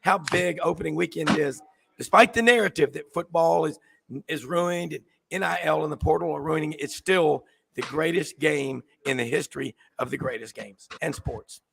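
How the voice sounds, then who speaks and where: Sports radio host guy, voice going, gravelly and husky, talks kinda excited and rambly. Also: a little high, moderate pace. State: losing his voice. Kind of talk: casual sports talk. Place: coffee shop.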